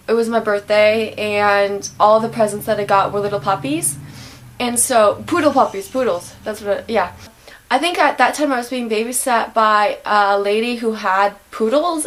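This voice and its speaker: A woman's voice: fairly high pitch, a bit bright. A young woman chatting casually to her vlog audience, rambling and giggling often. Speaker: vlogger.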